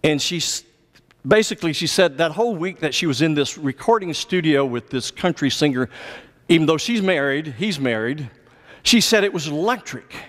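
A man's voice: fairly high pitch, animated, moderate pace. A male pastor preaching a sermon, explaining scripture and pressing his points with emphatic, repeated commands. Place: church sanctuary. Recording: long church reverb.

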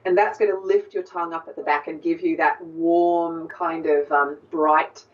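A woman's voice: deep voice, fairly even intonation, normal speed. A woman technique in thoughtful, hesitant answers full of small fillers. She sounds a little distant and muffled, with faint music underneath. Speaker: accent coach. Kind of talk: explanatory interview answers.

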